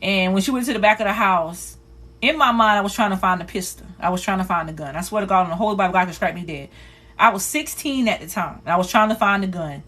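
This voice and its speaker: A woman on a phone livestream, telling a painful personal story in a rapid, repetitive, earnest way. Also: mid-range voice, fairly bright tone. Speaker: livestream host.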